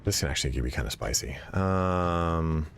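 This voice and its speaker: A man's voice: a bass voice, moderate pace, vocal fry. A man streaming a game, chatting casually in a rambling way, with lots of swearing, fillers and restarts. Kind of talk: casual chat while playing. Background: faint game music.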